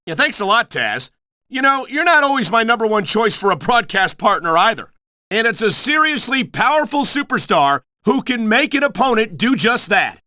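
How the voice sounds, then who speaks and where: Excitable earnest wrestling play-by-play man. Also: extremely high pitch, moderate pace, dry recording, clean studio sound. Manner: earnest, excitable announcer, prim and scolding. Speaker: play-by-play commentator. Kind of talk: pro wrestling video game commentary.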